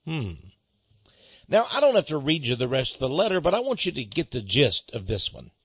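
A man's voice: a little high, sing-song, a little fast, fairly bright tone, husky, no room sound. A male pastor giving a folksy, storytelling sermon on a dull, lo-fi recording. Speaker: pastor and ministry head. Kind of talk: radio sermon monologue.

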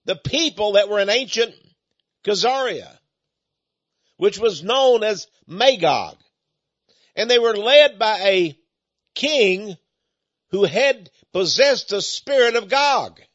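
A man's voice: sits high, lively intonation, slow pace, long pauses, a bit bright, muffled recording. A man from Texas with an East Texan accent, giving a folksy, emphatic preaching monologue.

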